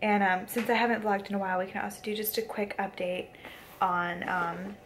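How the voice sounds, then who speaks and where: A woman's voice: medium pitch, fairly even intonation, brisk, noisy background. A young woman chatting casually in a video blog, talking with frequent fillers. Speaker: vlogger. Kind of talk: casual vlog chat.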